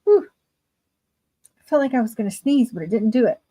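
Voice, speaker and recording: A woman's voice: on the high side, lively intonation, a little fast, warm tone, breathy edge. Chatty woman hosting a livestream. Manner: affectionate, greets viewers by name. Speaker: livestream host of writing sprints. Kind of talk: casual livestream chat.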